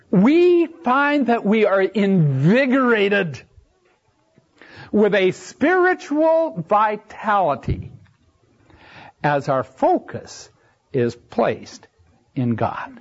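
Preacher, male, high and lively voice, unhurried emphatic sermon delivery, muffled lo-fi recording. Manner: animated preaching with sudden rises and drops in pitch; slow, emphatic delivery with brief asides and restarts. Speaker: preacher and Bible teacher. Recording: dull lo-fi recording.

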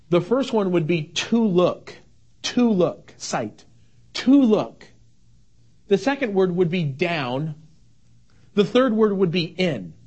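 A man preaching a sermon with emphatic repetition, dropping to a hushed near-whisper and rising to fervent shouts. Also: extremely high pitch. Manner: emphatic, repeats key words. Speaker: pastor; father of young sons.

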